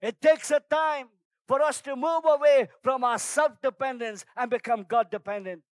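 Male pastor, high-pitched, sermon with lively personal anecdotes, dry recording. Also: normal speed, dry recording. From outside Singapore, first trip abroad. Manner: storytelling, animated shouts in anecdotes.

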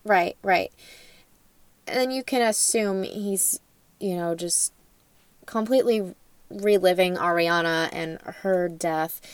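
A young adult woman co-hosting a podcast, talking about a book in a relaxed, reflective way. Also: on the low side, takes it slowly, long pauses, clean tone, no echo. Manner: relaxed, reflective, filler-heavy. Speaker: podcast co-host. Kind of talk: casual book discussion.

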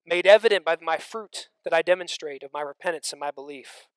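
A man preaching a sermon, swinging between loud emphatic stretches and hushed near-whispers, with conversational asides to the congregation. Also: on the high side, fairly quick, clean tone, no room sound.

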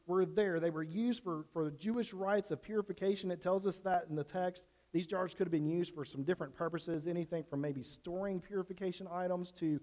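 A man preaching a sermon as a pastor, speaking conversationally with restarts and quick self-corrections. His voice sits a little high for a man and has a dark, mellow tone. A long church-hall reverb trails each phrase.

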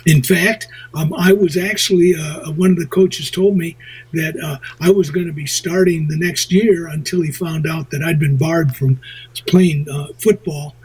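A man hosting a show, telling rambling stories in casual chat with a husky voice. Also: on the high side, fairly even intonation, normal speed, a little mellow, poor audio. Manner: rambling, chuckling storyteller. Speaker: radio show host.

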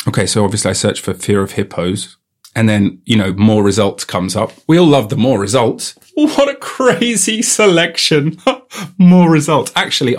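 A man hosting a comedy podcast into a studio mic, riffing playfully and repeating bits in silly voices. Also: fairly low pitch. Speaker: podcast host. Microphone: studio microphone.

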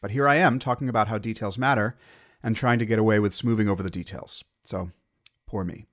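A man's voice: on the low side, fast talker, a bit bright. An American man hosting a podcast, talking through his thoughts in a wry, self-questioning solo monologue. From United States. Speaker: podcast host.

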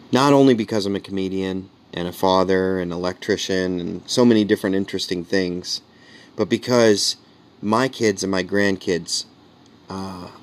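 A comedian talks alone into his podcast mic in a low voice, wandering from jokes to earnest thoughts. The talk stays casual and rambling. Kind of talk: casual solo monologue.

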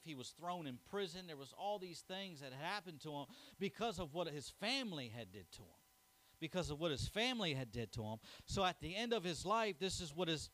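A young man with a fairly high voice, preaching a sermon. He moves from a casual, quiet family story into scripture reading and then builds to emphatic, rising declarations. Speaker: pastor.

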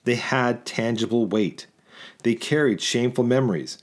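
A man narrating a literary short story in a measured, rhythmic reading. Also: mid-range voice. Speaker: audiobook narrator.

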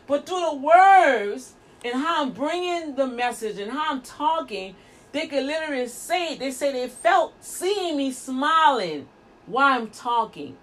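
A woman's voice: high-pitched, expressive, a little slow, fairly bright tone. A woman minister and show host, preaching emphatically with rhetorical questions and repeated words. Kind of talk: preaching talk.

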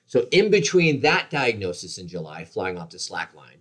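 Lower-voiced man telling a self-deprecating injury story. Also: moderate pace. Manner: animated, acts out the voices of the people in his story. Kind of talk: casual storytelling chat.

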